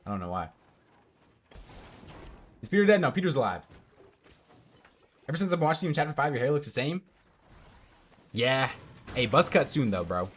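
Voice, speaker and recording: A man's voice: mid-range voice, breathy edge. Young man chatting on a livestream. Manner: chatty, reads out and answers chat. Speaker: streamer. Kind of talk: casual live-stream commentary. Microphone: headset.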